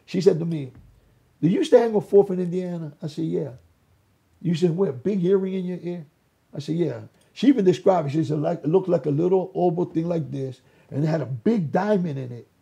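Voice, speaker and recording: A man giving a testimony in an interview, storytelling in an animated way and acting out the voices of people he quotes. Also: a little high, fairly quick, gravelly, husky. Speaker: interview guest.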